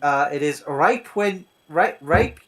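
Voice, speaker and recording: A speaker in a relaxed online chat, hesitant and tripping over words. The voice sits at an ordinary pitch over a video call. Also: slow. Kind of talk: casual chat.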